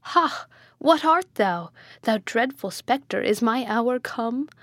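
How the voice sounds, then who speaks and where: A woman's voice: a little high, measured pace, no echo, clean studio sound, lightly acted. A woman voicing an agitated, guilt-stricken male prince in a storybook reading, exclaiming frantic questions. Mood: terrified.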